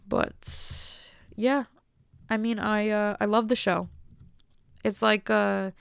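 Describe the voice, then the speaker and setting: A woman's voice: medium pitch, creaky, clean tone, no echo, studio quality. A young American woman talking casually to her viewers in a rambling, enthusiastic and wry way. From United States. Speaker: vlogger. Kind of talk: casual monologue.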